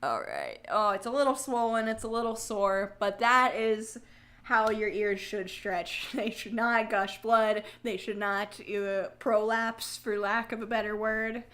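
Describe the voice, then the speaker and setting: A woman's voice: medium pitch, unhurried, a bit bright. A young woman hosting a casual livestream, chatting, joking and answering viewer comments as she goes. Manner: laughs easily, jokey asides. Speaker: livestream host.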